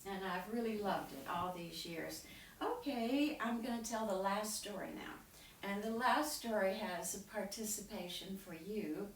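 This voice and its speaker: A woman storyteller telling a story to children in an animated way and leading them in sound effects, recorded from a distance in a roomy space. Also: medium pitch, noisy background. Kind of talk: live storytelling with audience participation.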